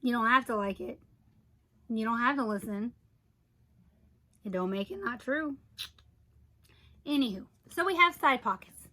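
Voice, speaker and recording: A woman with a high, bright voice talks through her bag collection in a casual review vlog. She gushes, teases and breaks off into little exclamations, chatty and unhurried. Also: poor audio. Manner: chatty and gushing, with playful asides and sudden surprised exclamations.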